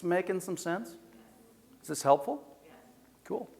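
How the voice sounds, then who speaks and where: A man in his sixties giving a live seminar talk on communication, lively and jokey, acting out what people said. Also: a little high, a little slow. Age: 60s. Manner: lively, jokey, acts out quoted voices. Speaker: communication speaker. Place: large hall with an audience. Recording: long hall reverb from a live event.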